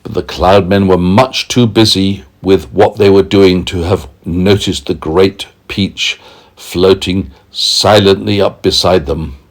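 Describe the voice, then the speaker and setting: A man reading a bedtime story aloud to a small child, expressive and gentle, pausing to explain words. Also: low-pitched. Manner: slow, expressive, asides to a child.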